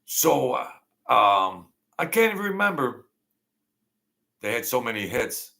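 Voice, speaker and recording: Hosting a relaxed late-night stream from his home, a middle-aged man talks in an unhurried, very animated way with vocal fry. His medium-pitched voice sounds bright and forceful, and he rambles, jokes, and reminisces with plenty of fillers.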